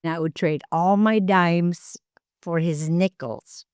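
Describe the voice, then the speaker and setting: Elder woman from Alaska, storyteller, lower voice, unhurried, dry recording. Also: clear, resonant tone, dry recording. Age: older. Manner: slow, gentle storytelling with acted dialogue. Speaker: elder interviewee. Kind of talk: storytelling in an interview.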